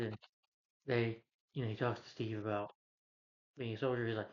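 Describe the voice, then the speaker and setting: Male movie reviewer, average pitch, casual rambling recap, earnest, muffled home-recording quality. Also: moderate pace, pauses often. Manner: rambling, loose retelling with restarts; earnest, heartfelt asides.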